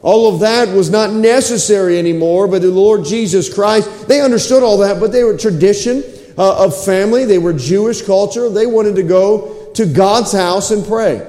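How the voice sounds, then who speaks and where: A man preaching a sermon, telling a scripture story with lively acted-out quotes. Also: sits high, normal speed, echoey room, in a large hall.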